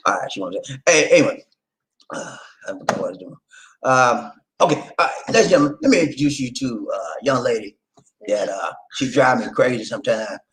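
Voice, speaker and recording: A man's voice: mid-range voice, expressive, a little fast, a bit bright, poor audio. A man hosting a casual livestream, chatting with viewers, laughing and giving sing-song introductions. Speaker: livestream host.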